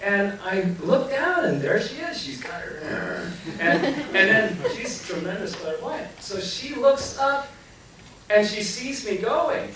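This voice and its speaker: Man, light high voice, slow animated storyteller on a far mic in a reverberant hall, audience clearly heard. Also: a crowd in the background. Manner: animated, laughing often, acts out what people said. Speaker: speaker telling a personal story to an audience. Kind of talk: humorous live storytelling. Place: large echoey hall with a live audience.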